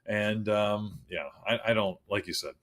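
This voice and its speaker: A man's voice: on the low side, fairly even intonation, a little slow, a bit bright. A man co-hosting a live trading show, chatting casually about stocks, rambling with fillers and playful asides. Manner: rambling, self-deprecating, frequent fillers and asides. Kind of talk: live market commentary.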